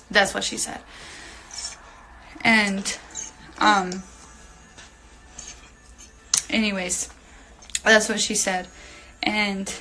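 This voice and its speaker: A woman's voice: mid-range voice, flat delivery, slow, pauses often, bright, forceful tone, faint music behind, poor audio. A young woman telling a long story on a phone livestream, rambling with lots of fillers and casual swearing. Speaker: reality TV personality on a livestream.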